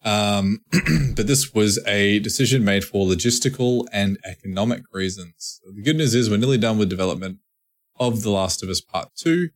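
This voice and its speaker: A man co-hosts a casual podcast with a fairly low voice. He reads news items aloud in a slightly formal tone, then breaks into jokey, profane riffs. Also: moderate pace. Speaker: podcast co-host.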